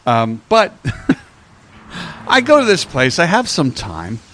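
Animated man telling a comic story. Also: on the high side, slow pace, a little hiss or hum. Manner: animated, laughing, lots of restarts. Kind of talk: casual storytelling chat.

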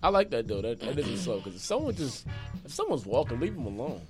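A man co-hosting a casual chat show, reading news in an animated, joking way. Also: medium pitch, fairly quick, music in the background. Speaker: co-host.

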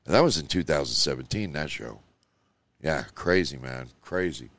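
A man's voice: rumbling low, animated, normal speed, fairly bright tone, dry recording. A man hosting a live show, talking in a loose, emotional, rambling monologue full of "you know" and "like.". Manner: emotional, rambling, heavy on 'you know' and 'like'. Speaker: show host.

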